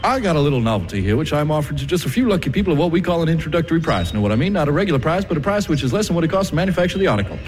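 A pushy novelty salesman who rattles off his pitch at great speed, his voice sliding widely up and down. His slick patter turns to sneers, heard on a film soundtrack with reverb and music behind. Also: big pitch swings. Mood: smooth-talking. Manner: rapid pitchman patter, mocking. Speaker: traveling salesman. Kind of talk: film drama acting.

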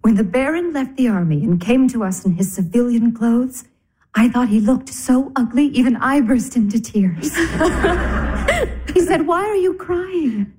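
An actress playing a gentle, sensible older sister who comforts tenderly. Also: female voice, on the high side, lively intonation, measured pace, husky. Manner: soothing, tender. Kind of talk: stage drama acting.

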